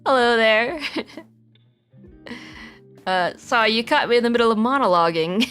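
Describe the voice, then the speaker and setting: A woman's voice: fairly high pitch, expressive, a little slow, fairly bright tone, clear, resonant tone, faint music behind. A woman chatting casually on her live stream, rambling through a story idea with lots of giggles and restarts.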